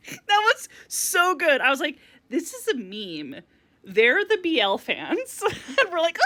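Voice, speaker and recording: A woman's voice: on the high side, no echo. A woman vlogger ranting casually to the camera, swearing freely and breaking into frequent laughter. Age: adult parent. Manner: animated, swears a lot, laughs often. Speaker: vlogger reviewing a TV series. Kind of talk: unfiltered casual rant to camera.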